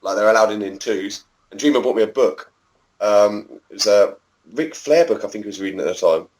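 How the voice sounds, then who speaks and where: A guest in his thirties with a fairly low voice, telling a rambling story on a podcast. He swears casually and jumps into quick impressions of the people in his story. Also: darkish tone, poor audio. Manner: chatty, swears freely, acts out voices. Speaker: podcast guest, former backyard wrestler.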